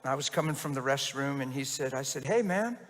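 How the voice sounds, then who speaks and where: A man pastor telling a testimony in a sermon, with animated storytelling and quick restarts, in a church. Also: medium pitch. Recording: reverberant church hall.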